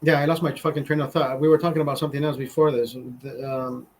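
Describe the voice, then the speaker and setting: A man's voice: a little high, flat delivery, fast. A man hosting a live stream, telling a long story in casual, profane chat, repeating himself and breaking off mid-sentence. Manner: profane, rambling, self-interrupting. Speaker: livestream host.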